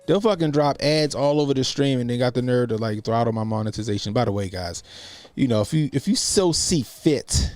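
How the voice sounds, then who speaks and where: Gravelly man ranting on a livestream. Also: medium pitch, darkish tone, no echo. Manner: laughs often, rambling and profane. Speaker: livestream commentary host. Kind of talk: casual profane livestream commentary.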